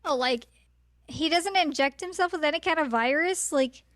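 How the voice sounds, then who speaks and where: A woman's voice: high voice, normal speed, a bit bright, dry recording, studio quality. A woman co-hosting a podcast, chatty and self-deprecating, with hesitant fillers. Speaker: podcast co-host. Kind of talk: casual chat.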